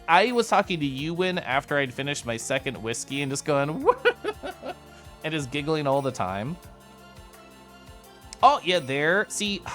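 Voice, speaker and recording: A young man hosts a live stream, talking casually and giggling often. His voice sits a little high and swings widely in pitch. Soft music plays underneath. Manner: giggly, animated, chatty with viewers.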